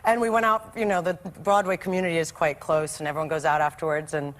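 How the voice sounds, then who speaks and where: A woman on a talk show, telling a personal anecdote in a lively, animated way. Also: low voice, quick pace.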